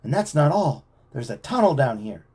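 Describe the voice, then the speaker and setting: A man's voice: mid-range voice, big pitch swings, moderate pace, a little mellow, breathy edge, voice pushed up. A man reading aloud, voicing a bold, eager teenage boy detective. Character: bold adventurous teen boy Joe.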